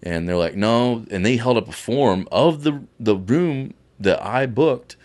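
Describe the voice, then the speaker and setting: A man's voice: medium pitch, expressive, measured pace, a little mellow. A man guesting on a podcast, telling a story in laid-back, profane casual chat.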